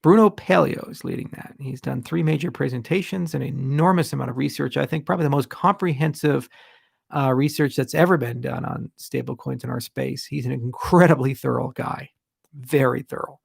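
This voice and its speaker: Founder answering live questions; gravelly, blunt, candid, dry close sound. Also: male voice, medium pitch, brisk, no echo. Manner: candid, blunt, rambling asides. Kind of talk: livestream Q&A.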